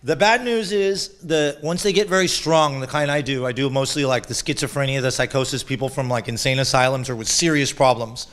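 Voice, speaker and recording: A man's voice: medium pitch, fairly even intonation, fairly quick, hardly any pauses, fairly bright tone. A man, a shaman guest in a casual interview, telling stories with lots of laughter and swearing, and acting out other people's voices.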